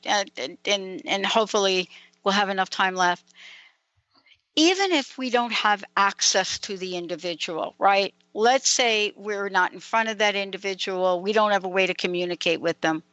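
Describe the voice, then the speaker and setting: A woman's voice: mid-range voice, moderate pace, a bit bright, no room sound. A woman hosting a radio talk show, conversational and asking thoughtful questions. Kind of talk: radio interview.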